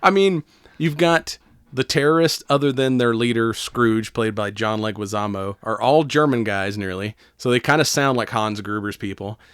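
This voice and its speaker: A man co-hosting a casual podcast, retelling a movie in a loose, rambling way with plenty of swearing and laughter. His voice is smooth and clear. The sound is dry and close. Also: mid-range voice, moderate pace, fairly bright tone, dry recording. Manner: profane, rambling, laughs often. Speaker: podcast co-host.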